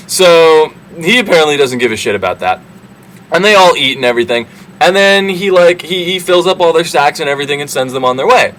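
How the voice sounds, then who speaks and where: A man's voice: a little high, animated, fairly quick, a bit bright, a little hiss or hum, low-quality recording. A young man casually retelling an old story for laughs, irreverent and full of fillers. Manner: irreverent, swearing, lots of fillers. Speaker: comedic storyteller.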